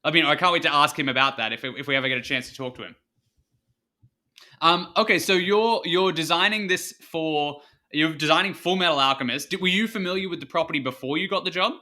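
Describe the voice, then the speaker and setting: A man's voice: fairly high pitch, fairly quick, sharp tone. A man hosting a podcast, asking questions eagerly and reacting with enthusiasm. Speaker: podcast host. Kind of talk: casual podcast interview.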